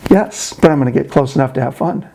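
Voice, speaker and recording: A man doing a calm, good-natured engineer. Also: medium pitch, fast, creaky, noisy background, close to an everyday voice. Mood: smiling. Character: grinning determined male engineer.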